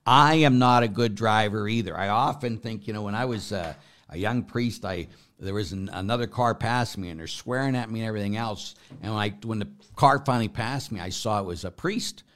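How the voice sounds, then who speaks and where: Deep-voiced priest, middle-aged man, live-stream Q&A, chatty and rambling, lots of fillers. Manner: warm, rambling, self-deprecating, with frequent fillers. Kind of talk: live-stream Q&A, reading chat comments.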